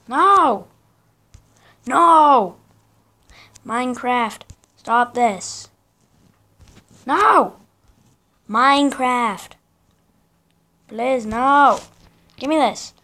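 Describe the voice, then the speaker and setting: Lady narrating her game live, kinda high voice, slow chatter then yelping and going nah nah nah. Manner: excitable, bursts into yelps and repeated protests; casual slangy chatter. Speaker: gameplay commentator.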